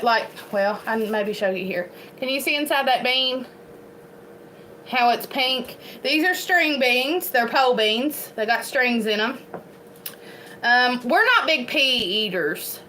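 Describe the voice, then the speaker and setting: A woman's voice: on the high side, sharp tone, a little hiss or hum, low-quality recording. Chatty Eastern Kentucky homesteader woman. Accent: Eastern Kentucky Appalachian. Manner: chatty, rambling, laughs often. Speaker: homestead vlogger. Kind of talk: casual chat to camera.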